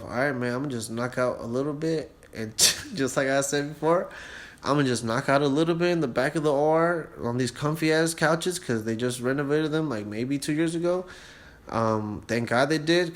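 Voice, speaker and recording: A young man riffing through a story on his own podcast, swearing constantly and loose in his delivery. His voice sits at a middling pitch, and he jumps up loud when he acts out other people or rants. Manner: profane, animated storyteller who acts out dialogue in a raised voice. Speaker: podcast host. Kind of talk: casual storytelling monologue.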